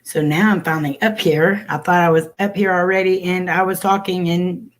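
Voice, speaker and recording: A woman's voice: lowish voice, steady tone, normal speed. A woman hosting a casual livestream, chatting and greeting viewers by name over a computer mic. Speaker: livestream host.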